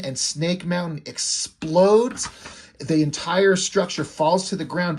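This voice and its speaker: A man's voice: a little high, slightly rough. A man casually recapping the story of his own fan comic in a rambling, loose way.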